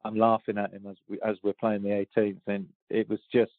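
Speaking a little fast in a low, completely flat voice, the golf champion in his sixties eases through interview stories with plenty of ums, restarts, and easy laughter. The recording is a dry, tinny phone line.

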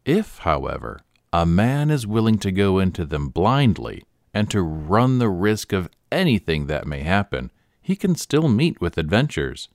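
A man playing a worldly French gentleman, speaking with wry emphasis in a deep, lively voice. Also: unhurried, dry recording, clean studio sound, full character voice. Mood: emphatic.

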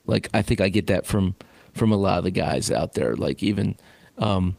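A man's voice: low voice, expressive, normal speed, vocal fry, darkish tone, no echo. A man co-hosting sports radio, talking casually with hesitant fillers.

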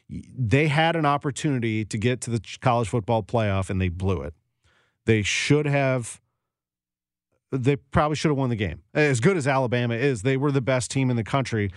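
A man's voice: medium pitch, no room sound, studio quality. A man hosting a sports talk radio show, giving emphatic, opinionated takes and repeating his points for effect.

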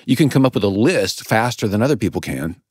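Guy w a lowish voice riffing thoughtfully as a guest, dry close mic. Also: quick pace, husky, dry recording. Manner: thoughtful, self-deprecating, animated explanations. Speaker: radio host and author, here a guest. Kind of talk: conversational interview.

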